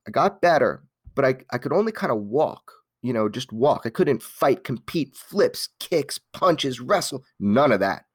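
A man from Los Angeles, telling his life story as an interview guest in a candid, animated way, with many restarts and some casual swearing. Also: medium pitch, a little slow, few pauses, slightly rough, dry recording, clean studio sound.

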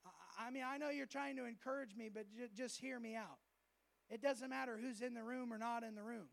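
A male pastor preaching a sermon at a church service, lively and humorous, often acting out the voices of people he quotes. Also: extremely high pitch, a little fast, vocal fry.

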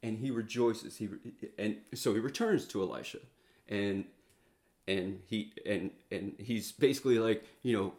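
Halting, casual male preacher. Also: on the low side, darkish tone. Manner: conversational, halting with many fillers and restarts, acts out quotes. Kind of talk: casual sermon storytelling.

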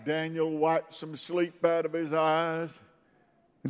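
A preacher man delivers his sermon in an unhurried, homespun storytelling manner, his voice sitting a little high. It swells into fervent emphasis, and a long hall reverb trails every phrase. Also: monotone, smooth. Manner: folksy storytelling, rising to fervent.

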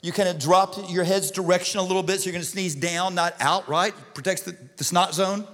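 Male pastor, comic sermon storyteller, bright voice, long hall reverb. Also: high-pitched, a little fast. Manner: animated, comic storytelling with shouted punchlines.

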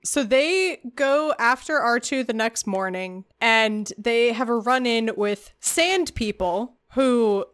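A woman co-hosting a podcast, retelling a film in lively casual chat with laughs, recorded with static-y audio. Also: fairly high pitch, slow pace, few pauses. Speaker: podcast co-host.

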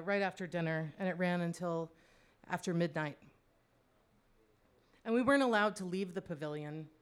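A woman's voice: on the low side, clear, resonant tone. A woman telling a personal story in a conversational, wry way, full of asides and fillers. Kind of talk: personal storytelling, spoken monologue.

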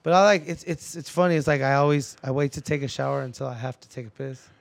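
A man's voice: medium pitch, fast talker, creaky, no room sound. A man co-hosting a podcast in a laid-back, profane, rambling casual chat. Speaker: podcast co-host.

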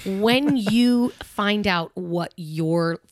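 A woman's voice: medium pitch, extremely slow, a crowd in the background. A woman in her thirties hosting a podcast, chatting casually about relationships and laughing easily. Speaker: podcast host.

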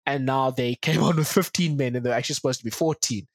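A man's voice: medium pitch, quick pace, no echo. A man hosting a rugby podcast in a casual way, steering the talk and listing match statistics. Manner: steers the talk, lists stats. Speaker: podcast host.

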